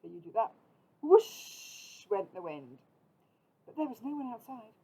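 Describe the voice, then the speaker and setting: A woman's voice: on the high side, very animated, unhurried, breathy edge, rough recording. British woman reading a children's story aloud. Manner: gentle, inviting the children to join in. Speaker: primary school teacher.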